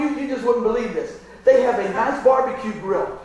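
A pastor preaching a sermon, telling stories and asking for an amen. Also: male voice, very high-pitched, normal speed, a little mellow. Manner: storytelling, emphatic, calls out "Amen?". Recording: very echoey room, mic at a distance.

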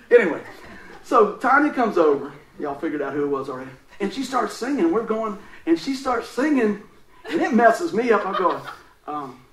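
Chatty high-voiced man preaching in a roomy hall. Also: sing-song, normal speed, a bit bright, far from the mic. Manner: chatty, laughing often, loose and folksy. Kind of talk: casual sermon with storytelling.

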